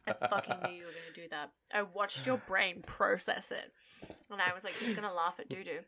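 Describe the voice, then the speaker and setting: A woman's voice: fairly low pitch, fairly even intonation, brisk, pushed and bright. A woman from Australia with an Australian accent, co-hosting a casual podcast and telling stories in a blunt, sweary, sarcastic way. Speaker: podcast co-host. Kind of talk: casual chat, storytelling.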